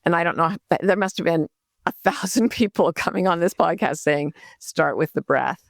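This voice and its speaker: Gravelly, gently explaining older woman. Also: on the low side, normal speed, no room sound, clean studio sound. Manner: warm, gentle explanations with soft spoken self-talk asides. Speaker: guest, life coach and author. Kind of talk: podcast interview.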